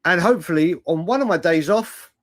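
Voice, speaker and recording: A man's voice: high-pitched, animated, brisk. Chatty man hosting a livestream. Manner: chatty, rambling, laughs often, greets chat viewers. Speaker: livestream host. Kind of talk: casual live fan chat.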